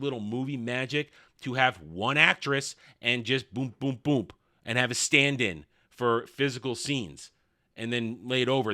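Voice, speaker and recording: Blunt, sarcastic man with a bright voice. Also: mid-range voice. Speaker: TV show reviewer. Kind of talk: opinionated review monologue.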